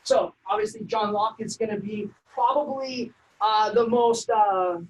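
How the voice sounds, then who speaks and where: A woman presenting a civics workshop, lecturing in a brisk, conversational way with frequent ums and uhs. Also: a little high, fairly even intonation, lo-fi sound. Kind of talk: informal lecture.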